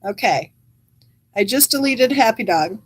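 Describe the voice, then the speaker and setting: A woman hosts a true crime channel, reading viewers' live chat comments aloud in a casual way. Her voice sits a bit high and sounds dry and close, with no room echo. She drops wry, chatty remarks between the comments. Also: animated, a little slow, breathy edge.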